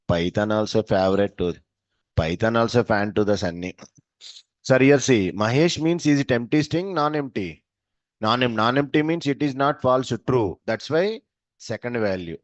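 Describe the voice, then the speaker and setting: A man's voice: fairly low pitch, lively intonation, normal speed, dry recording. Guy teaching code, asks then answers, dry muffled mic. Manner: quizzes students with short questions and answers. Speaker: programming teacher. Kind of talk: live coding class. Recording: dull, dry lo-fi sound.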